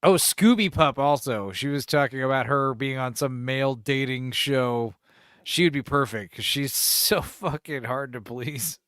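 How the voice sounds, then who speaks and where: A man's voice: medium pitch, unhurried, a bit bright, clean tone, no echo, studio quality. A man co-hosting a podcast in casual chat, rambling and cursing as he acts out quotes in different voices. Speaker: podcast co-host.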